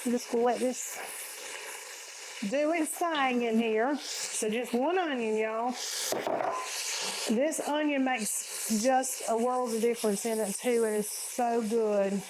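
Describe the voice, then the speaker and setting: A woman's voice: on the high side, slow, pauses often, background noise. A woman, casually talking viewers through a home cooking recipe in a folksy, chatty way from her kitchen.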